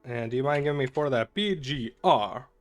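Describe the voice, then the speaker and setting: A man's voice: medium pitch, lively intonation, fairly quick, faint music behind. A young man doing let's play commentary, joking goofily and reading game text aloud. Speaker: gaming video creator.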